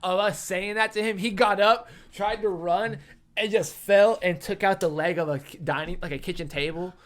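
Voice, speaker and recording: A man's voice: high-pitched, fairly even intonation, normal speed, a bit bright. A young man hosting a casual podcast, telling profane, laughing stories and acting out his friends' voices. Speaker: podcast host.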